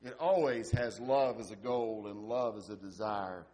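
A male pastor preaching in a conversational way, asking rhetorical questions and trailing off softly at the ends of phrases. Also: on the low side, measured pace. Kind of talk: sermon.

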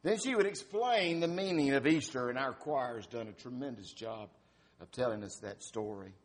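A man's voice: medium pitch, animated, normal speed. Man telling a story in a sermon. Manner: dramatic storytelling with wide swings in loudness. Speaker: pastor.

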